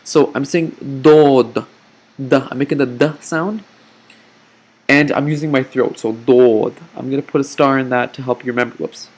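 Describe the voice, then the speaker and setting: A man teaching a recorded lesson over slides, patient and slow, often checking in with "okay?". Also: mid-range voice, steady tone. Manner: patient, explains slowly, frequent "okay?" check-ins.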